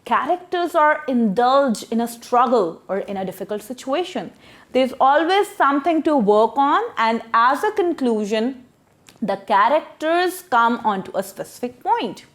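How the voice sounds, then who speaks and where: A woman teaching a recorded textbook lesson, explaining step by step and slowly sounding out words syllable by syllable. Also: fairly high pitch, lively intonation.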